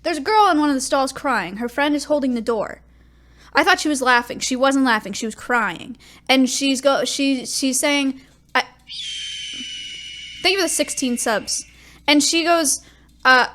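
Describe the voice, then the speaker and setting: A woman's voice: high voice, normal speed, pauses often, fairly bright tone. A young woman streamer telling rambling, self-deprecating stories in a casual chat.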